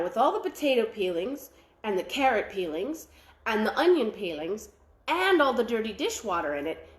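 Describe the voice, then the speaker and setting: A woman telling a traditional folktale aloud at a library, animated and full of sound effects. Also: a little high, roomy sound. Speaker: library storyteller.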